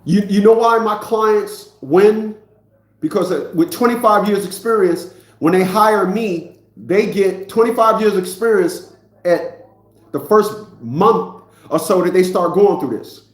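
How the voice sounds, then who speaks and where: Man in his fifties, high voice, cursing rant, echoey room. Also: a little slow. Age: 50s. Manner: profane, preachy, repeats himself. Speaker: vlogger. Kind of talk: ranting monologue to camera.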